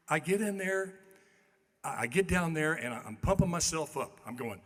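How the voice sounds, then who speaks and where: A man's voice: fairly high pitch, expressive, moderate pace. An older man giving an acceptance speech at a banquet, telling folksy, self-deprecating stories at a podium microphone in a large hall. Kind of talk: after-dinner storytelling speech. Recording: long banquet hall reverb.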